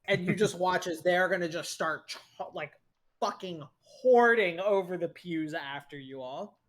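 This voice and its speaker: A man's voice: high voice, a little slow, fairly bright tone. A young man narrating a tabletop game as game master, casual and rambling with plenty of swearing.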